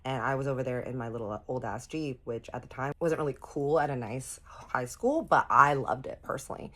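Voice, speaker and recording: Deep-voiced young woman telling a story. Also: fairly quick. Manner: animated, profane, talks straight to viewers. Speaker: vlogger. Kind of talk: casual storytime.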